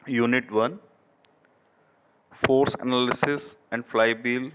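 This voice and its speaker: A man with an Indian English accent giving an online engineering lecture, halting and repeating phrases, often saying "okay". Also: medium pitch, fairly bright tone, clear, resonant tone. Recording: dull lo-fi recording.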